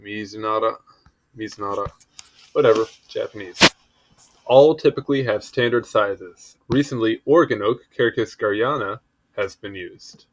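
A man's voice: lowish voice, normal speed, a little hiss or hum. Casual man reading an article aloud. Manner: casual, fumbles words and adds offhand asides. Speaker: article reader.

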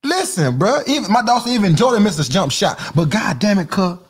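Husky man ranting and mocking. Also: sits high, big pitch swings, brisk. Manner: loud, mocking, repeats phrases, laughs a lot. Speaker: podcast host. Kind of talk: comedic commentary rant.

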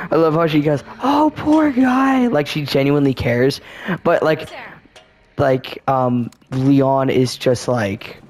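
A man's voice: medium pitch, steady tone, slow, long pauses, darkish tone. A man hosting a casual let's play commentary, rambling and laid-back with lots of filler words. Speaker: gaming channel host.

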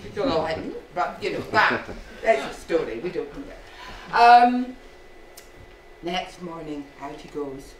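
A woman's voice: deep voice, expressive, a little slow, recorded from a distance, a little hiss or hum. A Scottish woman storyteller telling a folk tale live, playful, with asides, in an echoey storytelling hall.

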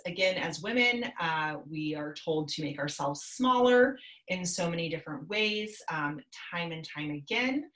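A woman's voice: fairly low pitch, fairly bright tone, echoey room, poor audio. A woman in her thirties, a business coach, giving upbeat, chatty advice over a video call from her home office.

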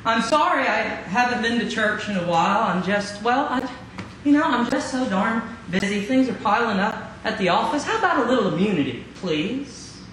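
A man's voice: animated, normal speed, fairly bright tone. A man playing a sheepish person pleading excuses, with an apologetic, whiny manner, in a very echoey sanctuary. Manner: apologetic, pleading, rising pitch. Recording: very echoey sanctuary, faint noise.

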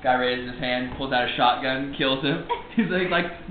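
A young man among friends telling a long joke in an animated way, laughing as he goes. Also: medium pitch, normal speed, hardly any pauses, slight background noise. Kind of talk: casual storytelling. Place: indoors, room with friends. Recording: lo-fi home video in an echoey room.

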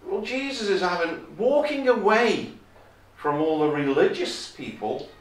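A visiting preacher in a chapel delivers an emphatic sermon, his high, sing-song voice moving at a measured pace. He repeats key phrases and gets louder whenever he quotes scripture. The recording is echoey and captured from far off.

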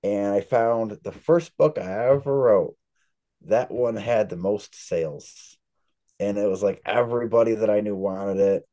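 Speaking a little slowly with a fairly low pitch and a warm tone, this author guest is interviewed in a relaxed conversation. He rambles chattily through long stories.

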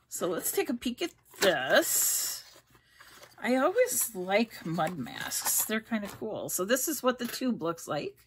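A woman's voice: a little high, very animated, slow, fairly bright tone, husky. A middle-aged woman chatting casually as she unboxes beauty products, reading labels aloud and stumbling over ingredient names. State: hiccups. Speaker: unboxing vlogger.

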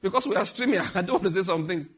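A man preaching a prayer sermon, slowing down to recite scripture and rising to loud, high exhortation. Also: expressive, breathy edge. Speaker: pastor. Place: church service, streamed.

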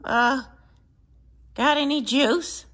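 A woman playing a cheeky neighbor boy who mooches food, speaking slowly and deadpan. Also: high voice, full character voice. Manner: slow, gravelly deadpan.

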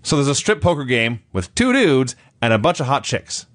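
Dry, sarcastic man recapping, lively pitch. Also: moderate pace, a little hiss or hum. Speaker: podcast co-host. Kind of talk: casual chat, recapping a show.

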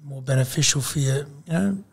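A man's voice: mid-range voice, quick pace, creaky, slightly rough. A man co-hosting a podcast, talking in a laid-back, casual way and filling his speech with friendly asides. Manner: laid-back, peppers talk with "mate" and "you know". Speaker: podcast co-host. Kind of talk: casual chat.

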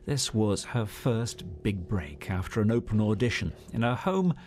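A man's voice: on the low side, expressive, normal speed, a little mellow, soft background music. A man working as a news reporter, narrating a report and putting probing questions to his interviewees.

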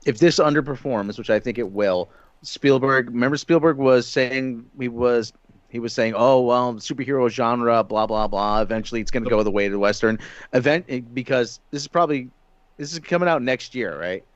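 A man's voice: medium pitch, normal speed, no echo, lo-fi sound. A man in a casual panel chat, giving a rambling, opinionated take.

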